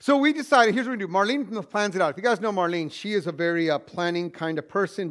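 A man's voice: high voice, fast, hardly any pauses, fairly bright tone. A man telling a humorous personal story to an audience, self-mocking and full of joking asides.

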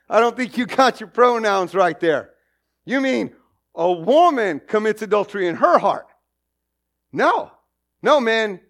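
A middle-aged man preaching from the pulpit, his voice sitting unusually high for a man. He swings through a lively range of pitch, joking and playing out little scenes as he makes his points. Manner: animated, jokey preaching with acted asides. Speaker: pastor. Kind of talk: sermon.

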